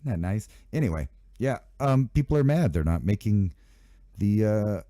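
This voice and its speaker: Man, channel host, casual news commentary, sarcastic, lively swooping pitch, dry close sound. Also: normal speed, no room sound. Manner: rambling, sarcastic asides, mock voices of officials.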